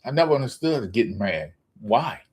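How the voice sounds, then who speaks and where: A man talks in a loose, profane sports rant to his viewers. His voice sits in a middle pitch but shoots up into high, incredulous exclamations as he gets worked up. He sounds like a casual vlogger speaking straight to his audience. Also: moderate pace, breathy edge. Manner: animated ranting, profane, jumps to high exclamations. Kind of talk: ranting casual monologue.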